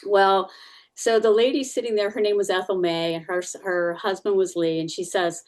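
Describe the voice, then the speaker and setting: A woman's voice: medium pitch, fairly even intonation, normal speed, a little mellow. A woman giving a personal testimony in church, telling her story casually, with many fillers and restarts.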